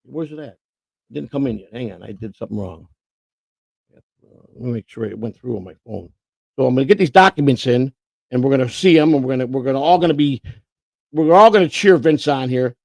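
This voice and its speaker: Gravelly rambling man on a livestream. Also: medium pitch, brisk, darkish tone, no echo. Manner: rambling, boastful, repeats words. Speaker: co-host. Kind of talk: casual livestream chat.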